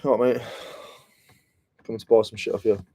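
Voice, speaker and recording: A man's voice: lowish voice, fairly even intonation, a little fast, dark tone. A British man chatting casually and slangily on a reselling live stream, mocking himself as he goes. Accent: British English. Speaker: reselling vlogger.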